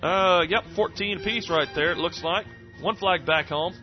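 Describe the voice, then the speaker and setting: Man, high voice, excitable jokey game play-by-play, muffled lo-fi recording with game music behind. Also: normal speed. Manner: excitable, jokey, laughs often. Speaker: game commentator. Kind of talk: sportscaster-style play-by-play of a video game.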